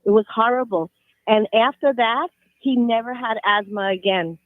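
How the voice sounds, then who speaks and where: A woman's voice: a little high, moderate pace, dry recording. A woman calling into a radio show, earnestly telling a true story. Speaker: caller. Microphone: phone. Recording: tinny phone line.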